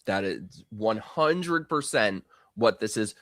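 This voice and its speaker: A man's voice: lowish voice, expressive, slow pace, a bit bright, no room sound, studio quality. Emphatic, blunt male stream host. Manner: blunt, emphatic, swears freely. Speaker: host of a live talk stream. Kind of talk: casual live-stream chat.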